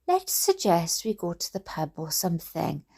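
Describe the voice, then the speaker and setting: Welsh woman doing a hushed, worried mum. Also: fairly low pitch, very animated, normal speed, vocal fry, husky, exaggerated voice. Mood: concerned. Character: worried, prying mother.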